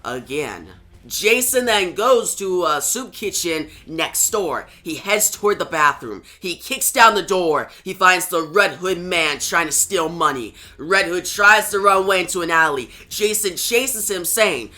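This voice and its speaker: A man's voice: high voice, expressive, a little slow, few pauses, pushed and bright. A man narrating a comic book plot recap in a plain, matter-of-fact way, with small slips.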